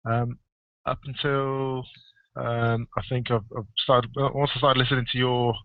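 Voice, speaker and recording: A man calling into a radio show over an internet call, hesitant with many pauses and restarts. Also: mid-range voice, flat delivery, noisy background. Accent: non-American. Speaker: caller. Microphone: headset over internet call. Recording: dull lo-fi online call audio.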